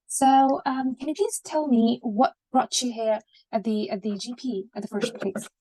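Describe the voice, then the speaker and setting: A woman's voice: a little high, fairly even intonation, normal speed, dark tone. A woman acting as a junior doctor in a mock consultation, polite and reassuring, with many fillers. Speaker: student doing a mock consultation. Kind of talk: role-play clinical consultation.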